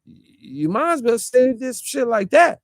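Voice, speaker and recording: A man's voice: very high-pitched, big pitch swings, no room sound, studio quality. A man delivering a heated, confrontational street-talk rant, firing rhetorical questions and mocking the person he calls out. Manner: confrontational, rapid-fire rhetorical questions, mocking quoted voices. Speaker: online commentator.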